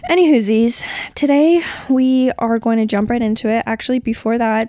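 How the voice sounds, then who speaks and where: A woman's voice: a little high, darkish tone, dry recording, clean studio sound. Chatty young woman, slightly sick voice. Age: 20s. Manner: chatty, rambling, filler-heavy. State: sick, voice a little rough. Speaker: podcast host. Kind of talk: casual solo podcast chat. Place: bedroom.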